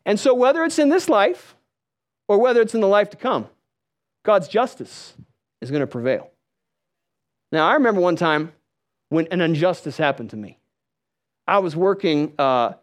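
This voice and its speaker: A man preaching a sermon, telling stories with lively delivery and calling out questions to the congregation. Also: on the high side, moderate pace, pauses often. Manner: storytelling, animated, calls out to the crowd.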